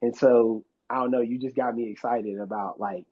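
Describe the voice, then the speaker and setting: A man's voice: medium pitch, steady tone, moderate pace, slightly rough. A man hosting a podcast in casual conversation, talking in a reflective way. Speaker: podcast host. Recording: slightly dull lo-fi sound.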